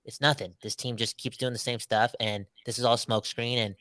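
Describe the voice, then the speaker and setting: A man co-hosting a sports podcast, talking in a casual, animated, slangy way about his team. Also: medium pitch, a little fast, no room sound. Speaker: podcast co-host.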